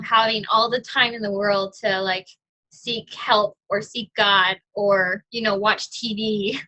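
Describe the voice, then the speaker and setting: A woman's voice: mid-range voice, pushed and bright, low-quality recording. A young adult woman, a guest speaker, giving a casual, chatty personal testimony with fillers and frequent laughs.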